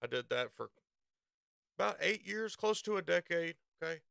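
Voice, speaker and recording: A man's voice: sits high, lively intonation, moderate pace, vocal fry, a bit bright, clean tone, no room sound, clean studio sound. A man with a Southern US accent telling a rambling, profane story and laughing at himself. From Southern United States. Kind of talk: casual storytelling.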